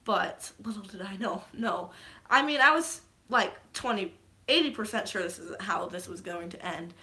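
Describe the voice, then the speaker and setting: A woman casually recapping a movie's plot in a vlog, excitable, swearing freely and geeking out. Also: mid-range voice, moderate pace. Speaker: vlogger.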